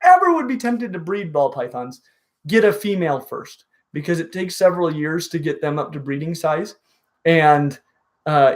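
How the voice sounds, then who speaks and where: A man hosting a casual reptile livestream, enthusiastic and full of halting restarts. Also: a little high. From dry western region. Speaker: reptile show host.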